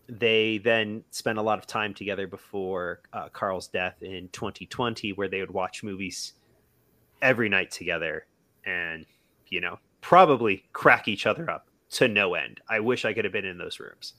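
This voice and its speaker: A man's voice: lowish voice, moderate pace, sharp tone, no echo. A man co-hosting a casual podcast, telling anecdotes in a rambling way with many fillers and restarts. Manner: rambling storyteller, acts out quoted voices. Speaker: podcast co-host.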